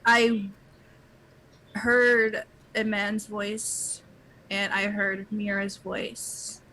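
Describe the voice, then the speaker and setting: Woman player, bright tone, slow and halting delivery, faint background noise. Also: medium pitch, flat delivery, rough recording. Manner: hesitant, full of fillers and restarts. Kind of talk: tabletop role-play, in and out of character.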